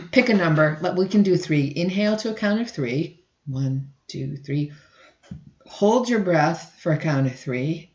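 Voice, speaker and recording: A woman instructor giving a recorded lecture, often clearing her throat and restarting sentences. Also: deep voice, animated, a little slow, a little mellow, reverberant, highs cut off. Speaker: college instructor.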